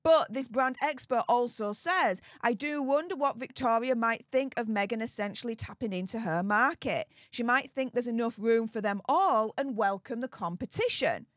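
A woman's voice: on the high side, normal speed, hardly any pauses, a bit bright, no room sound, clean studio sound. A woman hosting a casual celebrity gossip commentary, chatty and dramatic, drawing out words for emphasis. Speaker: commentary channel host.

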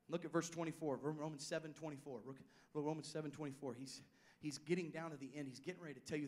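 A pastor preaching a sermon, swinging from loud declarations down to hushed asides. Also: male voice, fairly high pitch, fast talker.

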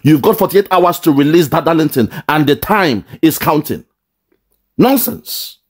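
A man speaks in angry, emphatic commentary, his voice sitting a touch high. He stumbles and repeats words as he presses each point hard. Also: animated, normal speed, husky.

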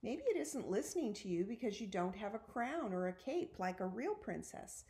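A woman reading a storybook aloud, voicing an eager, excitable young boy who exclaims often. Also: mid-range voice, normal speed.

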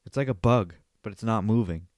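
A man's voice: fairly low pitch, fairly quick, darkish tone, no echo. A young man hosting a casual solo podcast from Canada, rambling and joking, swearing freely and sniffling now and then, on a close desk microphone. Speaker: podcast host.

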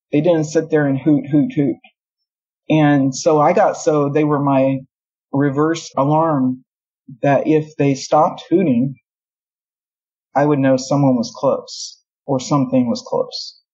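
A woman tells her story in a husky, mellow voice. She rambles and wanders into asides, correcting herself as she goes. The sound is dull and lo-fi. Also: sits low. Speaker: guest. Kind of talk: casual storytelling. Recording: dull lo-fi audio.

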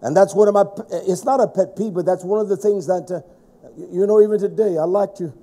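Stern preaching man, dark-toned voice. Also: sits high, a little fast. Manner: stern, scolding, shouts at times. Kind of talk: sermon.

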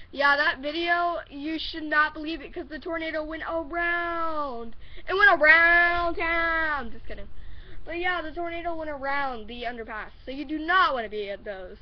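Giggly rambling teenage girl, Oklahoma accent. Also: high-pitched. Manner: rambling, nervous, lots of ums and giggles. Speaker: vlogger. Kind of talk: casual vlog advice. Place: at home upstairs. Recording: dull lo-fi webcam audio.

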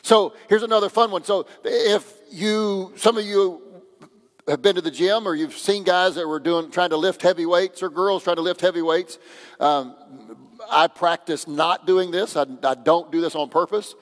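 In a church sanctuary awash in long reverb, a man with a high-sitting voice preaches at a moderate pace. His sermon is chatty and full of jokes, and he performs the voices of the people he quotes.

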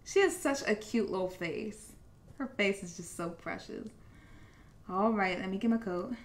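A woman's voice: mid-range voice, animated, moderate pace. A young woman giving chatty, casual commentary while playing a video game. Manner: chatty, reacts aloud to the game. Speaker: gameplay streamer. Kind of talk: casual let's-play commentary.

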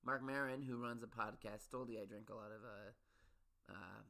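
A man's voice: on the low side, steady tone, moderate pace, vocal fry, bright, forceful tone. A man hosting a solo podcast, ranting about his pet peeves in a rambling, restless way, with many restarts and sudden exasperated peaks. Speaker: podcast host.

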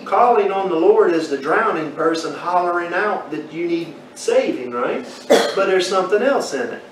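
High-voiced teacher, echoey room. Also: male voice, animated, normal speed. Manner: asks the class questions, folksy storytelling. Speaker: Bible teacher. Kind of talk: Bible class teaching. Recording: echoey room from far off, faint noise.

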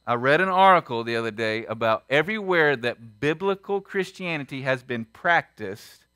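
A man preaching a sermon as pastor, emphatic and full of rhetorical questions, swinging between loud and hushed. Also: mid-range voice, animated, moderate pace, clear, resonant tone, dry recording, studio quality. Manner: asks the congregation many rhetorical questions. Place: church sanctuary.

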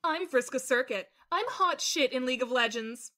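The narrator voicing a brash, loud young woman gamer who brags and gets excitable, pitched well above their own voice. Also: moderate pace. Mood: boastful.

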